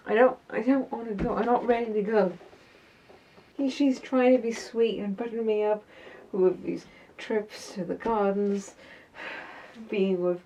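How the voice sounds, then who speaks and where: A woman as a frazzled, anxious persona, halting and repetitive, dull distant audio. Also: a little high, dark tone. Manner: halting, fretful, repeats herself. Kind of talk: scripted character video diary.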